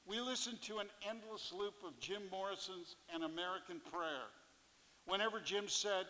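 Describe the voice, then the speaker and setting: Man, bright high voice, live stage reading of a sea story, long theatre reverb. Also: moderate pace. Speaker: fisherpoet performer. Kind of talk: reading a first-person fishing memoir on stage.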